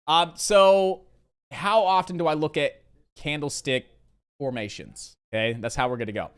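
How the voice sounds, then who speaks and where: A man's voice: fairly high pitch, normal speed, a bit bright, clean tone. Rambling man hosting a trading stream. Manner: loose, rambling, answers viewer questions with fillers; repeats key points in lists. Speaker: day trading live stream host. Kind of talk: casual live stream Q&A.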